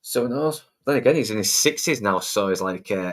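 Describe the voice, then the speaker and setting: Rambling, swearing man with a lowish voice. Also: animated, a little fast, hardly any pauses. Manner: rambling, heavy swearing, frequent restarts. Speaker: podcast co-host. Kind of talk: casual film discussion.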